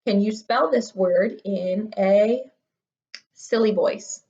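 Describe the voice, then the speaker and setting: A woman's voice: mid-range voice, slow pace, dark tone, lo-fi sound. A young woman teaching third graders in an upbeat, encouraging recorded online lesson. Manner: upbeat, encouraging, talks to children.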